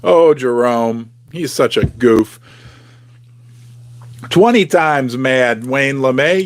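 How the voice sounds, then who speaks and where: A man hosting a casual livestream, chatting with viewers and reading their comments aloud, with animated outbursts. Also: mid-range voice, takes it slowly, long pauses, a little hiss or hum. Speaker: livestream host.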